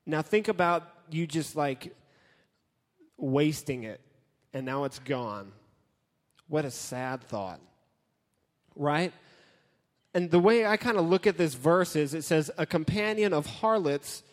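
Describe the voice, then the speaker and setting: Man, youth pastor, joking sermon, interactive with the crowd, high voice, long hall echo. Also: lively intonation, slow, long pauses.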